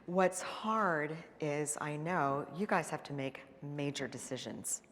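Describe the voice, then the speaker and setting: A woman's voice: sits low, takes it slowly, fairly bright tone. A woman therapist giving a live seminar talk, earnest and emphatic, speaking conversationally with frequent fillers. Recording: long hall reverb.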